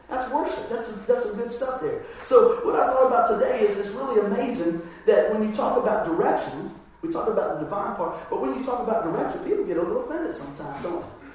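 A pastor with a high, darkish voice preaches a conversational sermon in a church hall, often asking the crowd "right?" The recording is echoey, with his voice coming from far off.

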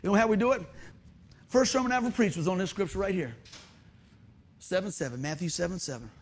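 A high-pitched man delivers a sermon, animated and quick to laugh as he tells his story. His voice sits well above the usual range for a man. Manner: animated, often laughing while telling the story. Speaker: preacher and musician. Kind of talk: sermon with a humorous personal story.

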